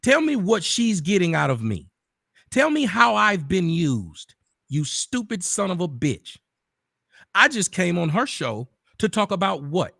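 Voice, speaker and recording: Man, confrontational profane ranter, wide swooping pitch, breaks into shouts. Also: sing-song, measured pace, creaky, no room sound, clean studio sound. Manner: bursts into shouting. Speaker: online commentator. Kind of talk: angry direct-address rant.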